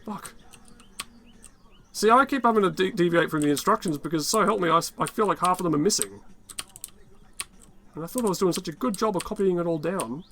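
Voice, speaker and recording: A man with a raspy, worn-out voice giving rambling, casual gameplay commentary, muttering to himself and swearing often. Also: sits high, brisk, pauses often, fairly bright tone. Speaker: gaming channel host.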